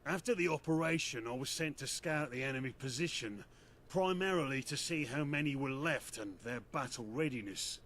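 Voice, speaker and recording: A man's voice: medium pitch, normal speed, fairly bright tone, a little hiss or hum, close to an everyday voice. A man voicing a wry soldier. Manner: wry, understated reporting. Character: dry-witted male soldier reporting to his boss. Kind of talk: game character dialogue.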